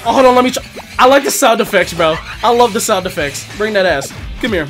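Excitable high-voiced man gaming over music. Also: quick pace. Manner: excitable, shouting and laughing, heavy slang. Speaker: gaming YouTuber. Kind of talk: excited gameplay commentary. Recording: loud game music behind the voice.

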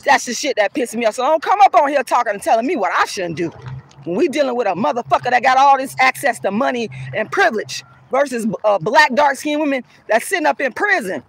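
Gravelly raspy woman going off on a vlog rant outside, swearing nonstop. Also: high-pitched, animated, fairly quick. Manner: heated, cursing, scornful. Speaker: colorism activist. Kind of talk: angry profane rant to camera.

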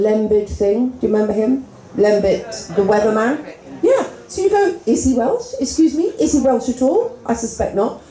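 A woman's voice: medium pitch, dark tone. A woman in her sixties, an author guest on a festival stage, rambling and self-mocking and often breaking into laughter. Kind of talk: live stage interview. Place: festival stage before an audience. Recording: roomy hall sound.

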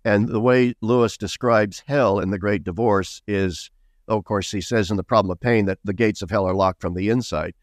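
An earnest man with a fairly low voice talks as a podcast interview guest. He leans on key words and repeats them for stress. The sound is dry and close to the mic. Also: fairly even intonation, normal speed, dry recording. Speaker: author and theologian guest.

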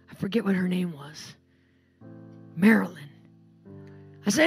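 Animated woman preaching. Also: on the low side, unhurried, gravelly, pauses often, husky, faint music behind. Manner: animated, emphatic storyteller, commanding in prayer. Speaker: preacher and healing minister. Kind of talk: sermon with storytelling and healing prayer.

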